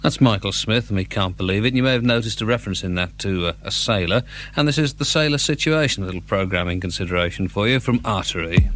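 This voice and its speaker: A man's voice: fairly low pitch, quick pace, few pauses, fairly bright tone, a little hiss or hum. A man in his forties, a radio DJ chatting casually between records in a wry, rambling, self-deprecating way. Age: 40s.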